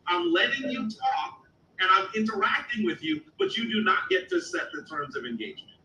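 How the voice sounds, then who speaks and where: A man's voice: high voice, big pitch swings, fairly quick, sharp tone, dull audio, a little hiss or hum. A man hosting a heated live debate, insistent and cutting in to demand evidence, heard as distant, echoey call audio. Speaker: host of a debate show.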